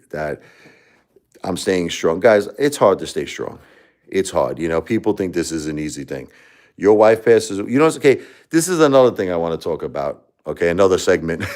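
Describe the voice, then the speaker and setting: Deep-voiced man rambling on a livestream. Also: darkish tone. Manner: rambling, heartfelt, conversational. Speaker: livestream host. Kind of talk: casual livestream talk.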